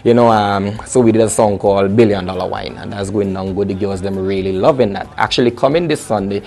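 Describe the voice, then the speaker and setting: A young adult man, a soca artist chatting lively and casually in an interview. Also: fairly low pitch, a little fast, creaky. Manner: lively, chatty, full of restarts and local phrasing.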